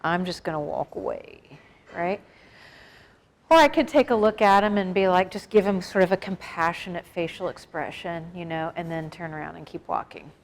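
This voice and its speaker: At a moderate pace and in a lowish voice, a middle-aged woman talks informally to a live group about preventing suicide. She is the guest speaker, frank and conversational, and often quizzes her audience.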